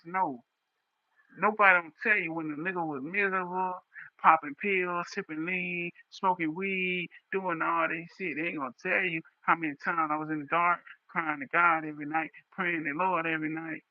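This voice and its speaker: Young male streamer, raw and impassioned, pitched a bit high, muffled lo-fi audio. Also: steady tone, moderate pace, dry recording. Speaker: livestreamer. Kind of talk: emotional livestream monologue. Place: livestream setup.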